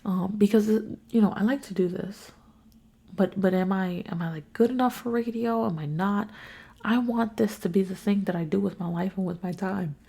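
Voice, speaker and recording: A young woman hosts her own podcast while sick, her voice gravelly and husky with a dark, mellow tone. She talks in a weary, frank way and swears freely as she vents about her life. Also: medium pitch, fairly even intonation, moderate pace. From New York. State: sick, congested. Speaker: podcast host. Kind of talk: casual solo podcast venting.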